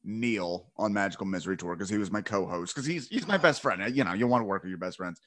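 A man's voice: on the low side, quick pace, a bit bright, slight background noise. A man hosting a podcast in casual, jokey chat, rambling with playful outbursts. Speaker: podcast host.

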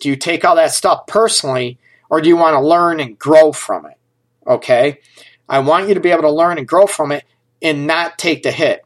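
Here a fairly high-pitched, slightly bright male voice offers relationship advice to listeners in a frank, relaxed manner. Occasional jokes come through, and he habitually checks in with "okay?" and "you know."

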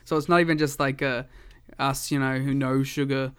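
A man's voice: mid-range voice, fairly even intonation, moderate pace, fairly bright tone, clear, resonant tone. A man co-hosting a casual wrestling podcast, rambling with lots of fillers and frequent laughs. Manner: rambling, says "like" a lot, laughs often. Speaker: podcast co-host.

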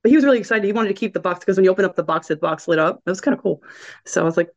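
A woman's voice: lowish voice, racing. Chatty woman telling stories, lo-fi. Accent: regional American. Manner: chatty, laughing, quotes people in lively voices. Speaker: podcast guest. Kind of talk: casual storytelling. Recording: dull lo-fi sound.

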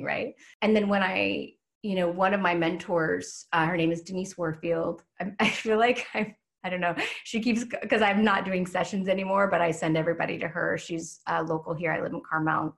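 Chatty woman with a lowish voice. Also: vocal fry. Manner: chatty, lots of filler words, laughs often. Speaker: spiritual teacher on a live stream. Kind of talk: casual talk.

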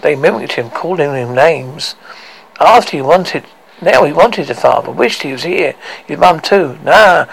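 A man narrating a horror story in a measured, dramatic way. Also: fairly high pitch, creaky, a bit bright, slight background noise, rough recording.

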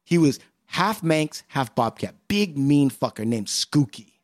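Animated profane man telling a story. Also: a little high, a little slow. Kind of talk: casual podcast chat, storytelling.

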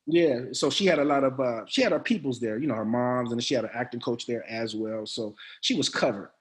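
A man, an actor as a guest, telling stories casually in an interview with lively, laughing delivery. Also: medium pitch, a little fast. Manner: animated, laughing storyteller.

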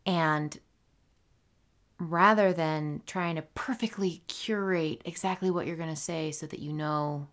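Low-voiced woman hosting a podcast. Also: unhurried. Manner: animated, playful, jumps into silly voices, soft whispery asides. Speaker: podcast host. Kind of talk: casual solo podcast talk.

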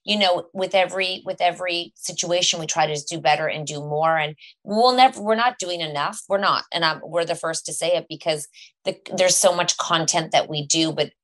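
Low-voiced earnest woman podcast guest. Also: fairly quick, fairly bright tone. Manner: earnest, restarts phrases often. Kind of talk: casual podcast conversation.

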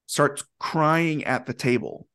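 A man's voice: a little high, slow, clear, resonant tone. Man telling a story animatedly. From Indianapolis area, USA. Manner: animated, acts out quotes with filler words. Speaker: guest musician. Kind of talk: casual storytelling.

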